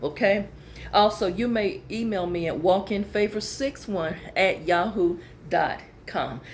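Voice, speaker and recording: A middle-aged woman pastor hosting a casual vlog, chatty and animated, talking straight to her viewers and reading their emails aloud. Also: mid-range voice, a little hiss or hum. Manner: chatty, animated, calls viewers y'all and girl. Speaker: pastor and channel host.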